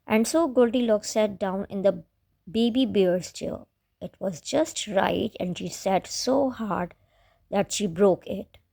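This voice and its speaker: A woman reading a children's fairy tale aloud in a gentle storybook manner. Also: mid-range voice, takes it slowly, creaky.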